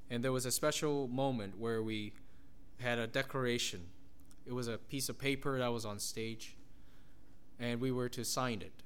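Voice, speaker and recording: A man's voice: mid-range voice, fairly bright tone, clear, resonant tone. A man preaching a sermon, reading scripture aloud and acting out the quoted voices with animation. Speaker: pastor.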